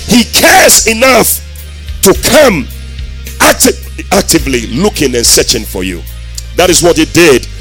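A man preaching a sermon as pastor, in a sing-song, emphatic delivery that rises to shouted declarations. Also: fairly high pitch, very animated, unhurried, long pauses, faint music behind.

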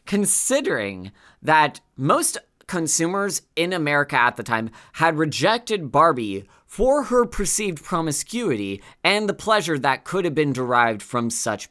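Low, animated woman podcast host. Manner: chatty, lots of "like", animated. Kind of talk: casual podcast chat.

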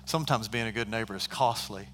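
Man, pastor type, bright forceful voice, long hall reverb, storytelling sermon. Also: on the low side, fast talker, slight background noise. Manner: animated, shifts from conversational to shouting.

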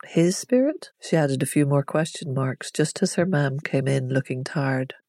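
A storyteller reading a story aloud in a calm, measured and even way. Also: medium pitch, no room sound, studio quality. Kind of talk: storybook narration.

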